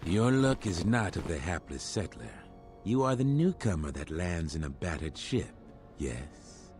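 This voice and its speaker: An actor voicing a cold, proud male settler in a video game, speaking in a slow, stilted, haughty way. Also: deep voice, big pitch swings, music in the background, heavily acted.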